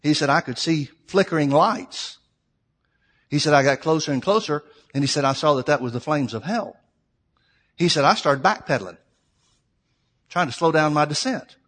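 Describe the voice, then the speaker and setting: A male pastor preaching a sermon, telling a story and swinging between loud, fervent preaching and quiet asides. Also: fairly high pitch, expressive, moderate pace, pauses often. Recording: long hall reverb.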